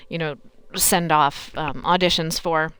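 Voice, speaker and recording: A woman's voice: low voice, fairly even intonation, unhurried, fairly bright tone, clean tone, dry recording. A woman streaming a video game, chatting casually and reading in-game messages aloud. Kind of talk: casual gameplay commentary.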